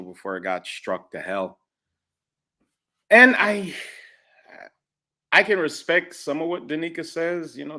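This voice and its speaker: A man's voice: lowish voice, bright, forceful tone. A man speaking as a guest on a casual livestream, stressing his points and building up to them. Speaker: guest commentator. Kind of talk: casual opinion chat.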